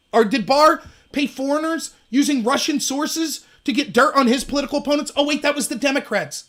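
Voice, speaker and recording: On a political commentary livestream he hosts alone, a man rants emphatically and sarcastically. He mocks his opponents using high, shrill voices, and he reads out messages from the live chat and answers them.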